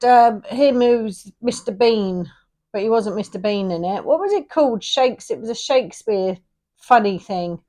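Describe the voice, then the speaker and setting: A chatty woman doing a casual tarot reading, her voice pitched in the middle for a woman. She rambles, breaks off mid-thought and wanders back again, then drags out each word as she counts the cards onto the table. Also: a little mellow. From England. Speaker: tarot reader.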